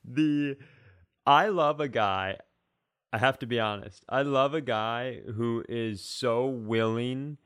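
A man's voice: medium pitch, slow pace, fairly bright tone, clear, resonant tone, no echo. A man co-hosting a comedy podcast who drops dry, sarcastic quips. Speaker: podcast co-host. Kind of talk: casual comedy podcast chat.

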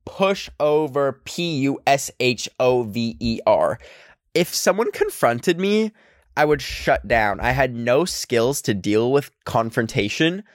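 A man's voice: medium pitch, expressive, takes it slowly, dry recording, studio quality. Rambling, chatty young man. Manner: chatty, rambling, full of "like" and laughs. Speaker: vlogger. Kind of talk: casual storytime. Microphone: handheld microphone.

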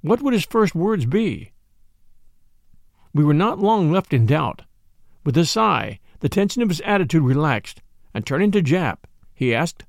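Brief: male audiobook narrator, lively, gravelly tone, dry close sound. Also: fairly high pitch, moderate pace, dry recording. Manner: steady storytelling, voicing each figure. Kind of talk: scripted narration of a detective story.

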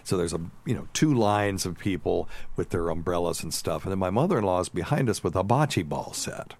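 A man hosting a radio talk show, telling funny stories in a relaxed, animated way and laughing along. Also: deep voice, a little fast. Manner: animated storyteller, laughs at his own stories. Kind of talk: casual storytelling chat.

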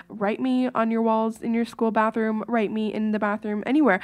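A woman's voice: on the high side, little pitch movement, moderate pace, few pauses. Chatty, giggly woman podcast host. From Canada. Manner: chatty, giggly, joking, apologetic asides. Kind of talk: casual solo podcast chat.

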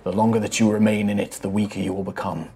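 A man voicing a faint spirit that speaks from inside someone's head, soft and sorrowful. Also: fairly low pitch, little pitch movement, fast, natural voice. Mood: grave, sorrowful.

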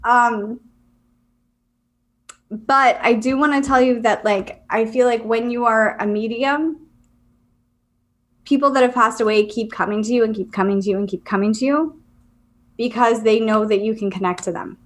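A woman co-hosting a casual talk show tells stories with animated energy, jumping into the voices of the people she quotes. Her voice sits a little high for a woman. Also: moderate pace, pauses often. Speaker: medium, podcast co-host. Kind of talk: casual chat.

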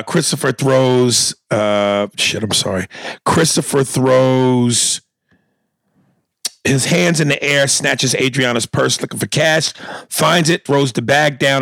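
Podcast co-host, male, gravelly, mid-pitched, dry close mic; wry reader who trips over lines and fixes them. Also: slow, fairly bright tone, no echo. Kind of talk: casual chat, reading listener emails aloud.

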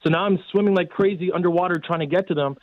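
A man's voice: sits high, steady tone, fast talker, dry recording. A man in casual storytelling, rambling with many fillers as he recounts events. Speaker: guest telling a rescue story. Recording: tinny phone line.

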